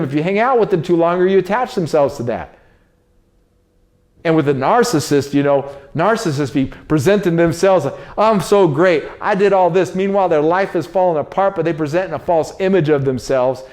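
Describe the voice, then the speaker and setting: A man delivering a casual, unscripted monologue as host. He lectures with street slang and circles back over the same points, repeating himself. His voice sits a little higher than most men's. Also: a little mellow. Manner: preachy, repetitive, street slang.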